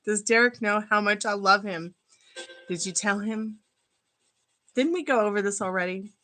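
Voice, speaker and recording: A woman's voice: mid-range voice, normal speed, pushed and bright, soft background music, poor audio. A woman giving a live-stream tarot reading, chatty and rambling and laughing often. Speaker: tarot reader. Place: at home.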